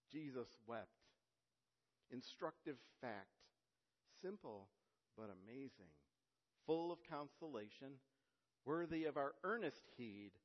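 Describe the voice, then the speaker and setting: A man reading scripture aloud with slow emphasis, then preaching haltingly with many pauses and fillers. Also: fairly high pitch. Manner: reads with emphatic slowing, then halting and hesitant. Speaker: lay preacher. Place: church. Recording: dull sound with long hall reverb.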